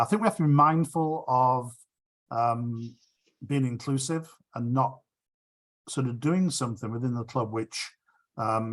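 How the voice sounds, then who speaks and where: A man's voice: medium pitch, a bit bright. A man speaker answering audience questions after his talk, earnest and agreeable, often restarting his sentences. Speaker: guest speaker.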